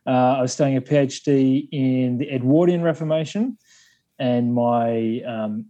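Aussie guy in his 30s chatting on a podcast, mellow warm tone, lots of ums and restarts. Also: mid-range voice, unhurried, muffled recording. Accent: Australian. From Australia. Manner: relaxed, thoughtful, many fillers and restarts. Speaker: guest. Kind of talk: casual podcast chat.

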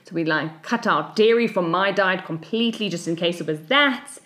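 A South African woman in her thirties, co-hosting a podcast and telling a personal story in a lively way, acting out what other people said. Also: fairly low pitch, moderate pace. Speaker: podcast co-host. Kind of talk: casual storytelling chat.

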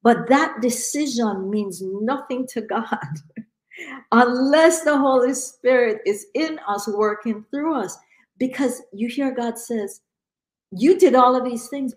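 A woman's voice: a little high, roomy sound, rough recording. A woman in a Bible study giving an earnest, emphatic reflection, often repeating words as she thinks. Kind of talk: earnest spoken testimony.

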